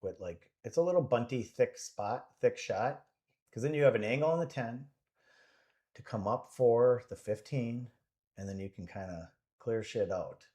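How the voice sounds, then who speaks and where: A man's voice: mid-range voice, normal speed, dark tone. A man giving casual live commentary on a pool match, rambling and joking as he thinks aloud about the shots.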